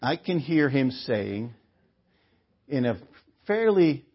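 A man's voice: mid-range voice, big pitch swings, takes it slowly, husky. A male preacher giving a sermon, earnest and full of rhetorical questions. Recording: dull lo-fi recording.

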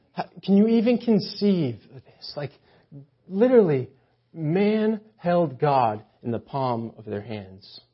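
A man preaching a casual sermon in a church, chatty and full of "like," shifting from hushed awe to loud emphasis. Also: mid-range voice, slightly rough. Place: church chapel. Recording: muffled lo-fi sermon audio.

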